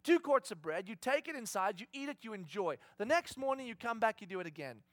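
Man, pastor, sermon, animated, conversational, fairly high voice, dry close sound. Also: fast talker, dry recording.

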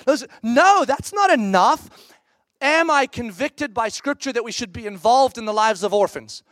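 A middle-aged man preaching in a candid, conversational way, weaving a personal story into the sermon. His voice sits very high for a man. The sound is dry, with no room echo. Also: normal speed. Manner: candid, animated, acts out quoted reactions. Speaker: pastor.

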